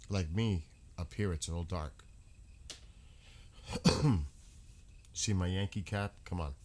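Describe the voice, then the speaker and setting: A man's voice: low voice, fairly even intonation, takes it slowly, a little mellow. New York man chatting on a livestream. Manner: chatty, answers viewers by name. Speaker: livestream host. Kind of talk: casual live-chat skywatching stream. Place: outdoors at night, dark rural area.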